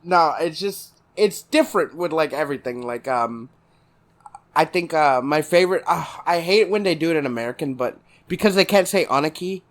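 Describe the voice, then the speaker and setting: A woman's voice: sits low, expressive, moderate pace. A woman co-hosting a podcast in playful, casual chat, laughing often and swearing freely. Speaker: podcast co-host.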